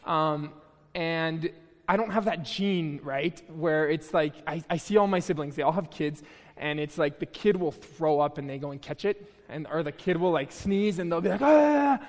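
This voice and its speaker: A man's voice: fairly high pitch, normal speed, long reverb tail. A young man giving a casual, conversational sermon at a church, chatty and self-deprecating, with frequent restarts. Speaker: preacher. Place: church hall.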